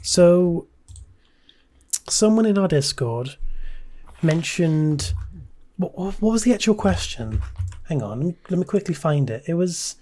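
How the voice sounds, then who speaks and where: Mellow-voiced woman hosting a casual podcast. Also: lowish voice, lively intonation, unhurried, pauses often. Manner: hesitant, often trails off with "I don't know". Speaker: podcast host.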